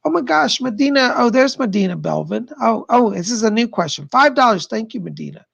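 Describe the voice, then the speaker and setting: A man's voice: very high-pitched, animated, fairly quick, creaky, a bit bright, husky. A man hosting a live stream of psychic readings, chatty and rambling, who keeps repeating what the spirits say. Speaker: psychic livestream host.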